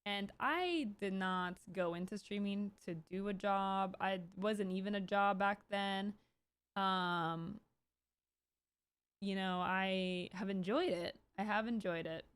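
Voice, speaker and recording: A woman in her thirties streaming live, talking casually in a rambling, animated way with many restarts and bursts of exasperation. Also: mid-range voice, takes it slowly, clean tone, no echo. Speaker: Twitch streamer hosting her own stream. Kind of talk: casual livestream commentary.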